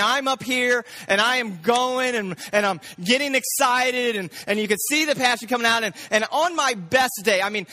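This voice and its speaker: A man preaching from the front of a church, his voice pitched high and ringing bright. He works himself up until he is loud and excited, stumbling over doubled words as he pushes ahead. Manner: excitable, gets loud and amped up; repeats words when he speeds up. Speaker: pastor. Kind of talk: sermon.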